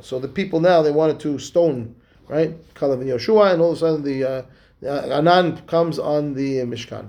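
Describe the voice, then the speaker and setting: Animated rabbi teaching a Talmud class. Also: male voice, on the high side. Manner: reads Aramaic and Hebrew slowly, then explains in animated, halting English. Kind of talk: Talmud class, reading and explaining text.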